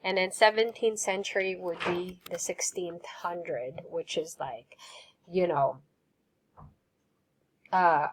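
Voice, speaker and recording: Woman teacher, unhurried and clear, leading slow repeat-after-me vocabulary drills with gentle praise. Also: lowish voice, steady tone, background noise. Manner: gentle praise and simple explanations. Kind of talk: online vocabulary lesson.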